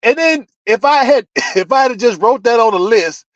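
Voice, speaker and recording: A vlogger ranting to viewers in an animated, profane way, laughing often. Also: medium pitch, normal speed, dry recording, lo-fi sound.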